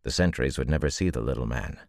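Male audiobook narrator, extremely deep voice, dry studio read. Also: no room sound. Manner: measured, deep-voiced reading with voiced characters. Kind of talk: scripted narration.

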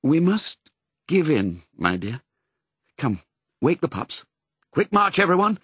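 A man voicing a calm, kindly mother Dalmatian in a storybook, speaking brightly and reassuringly. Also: fairly high pitch, takes it slowly, slightly rough, no room sound, pitched above the performer's own voice, full character voice.

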